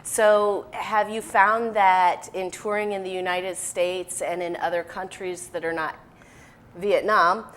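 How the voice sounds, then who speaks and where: A woman's voice: fairly low pitch, steady tone, takes it slowly, a bit bright, a little hiss or hum. A woman hosting a casual interview, encouraging her guest and affirming often. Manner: encouraging, affirming with frequent mm-hmms. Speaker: interview host.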